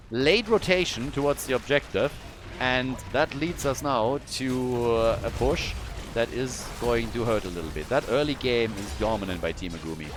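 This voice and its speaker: A man giving lively play-by-play commentary on an esports match, reacting fast and dropping casual fillers. His voice sits in a middle register, with faint background noise. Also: mid-range voice. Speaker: esports caster.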